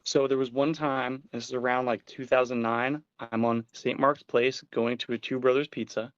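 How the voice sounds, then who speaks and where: A man hosting a casual chat show, telling stories with animated energy and some casual swearing. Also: medium pitch, moderate pace, smooth, dry recording, highs cut off. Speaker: podcast host.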